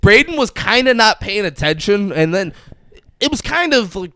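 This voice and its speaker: A man's voice: high voice, normal speed, no room sound. A man hosting a podcast, retelling a TV episode in casual, profane chat. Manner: animated, profane storytelling. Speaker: podcast host.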